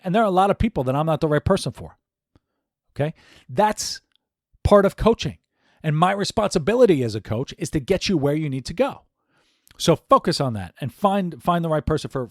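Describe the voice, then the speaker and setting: A man's voice: on the high side, no echo, studio quality. A man hosting his own podcast as an executive coach, talking in a blunt, emphatic, conversational way. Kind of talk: solo podcast monologue.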